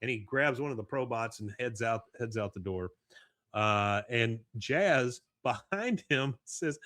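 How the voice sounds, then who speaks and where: A man hosting a podcast, casually recapping an episode in an animated way and often chuckling. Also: medium pitch, a little slow, no echo. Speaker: podcast host.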